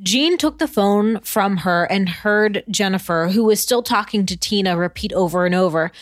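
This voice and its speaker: A woman co-hosting a podcast who reacts to the story with quick exclamations and reads aloud from the notes. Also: medium pitch, no echo. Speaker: podcast co-host. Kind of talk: casual chat.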